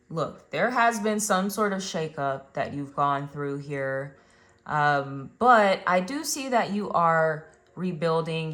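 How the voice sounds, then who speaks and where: A woman's voice: deep voice, a bit bright. A young woman giving a casual tarot card reading, chatting to her viewers with plenty of ums and uhs. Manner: chatty, addresses viewers directly with many fillers. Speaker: tarot reader.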